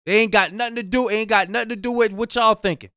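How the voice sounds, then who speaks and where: A man's voice: high-pitched, fairly even intonation, fast, pushed and bright, no echo. Guy reacting to a clip, preachy and fed up, dry close mic. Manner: preachy, exasperated asides. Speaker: reaction video host. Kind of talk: casual reaction commentary.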